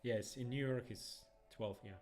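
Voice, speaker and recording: A young man, rambling excitedly through live trading stream commentary in phrasing. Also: mid-range voice, moderate pace, faint music behind. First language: Russian. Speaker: day trader streamer.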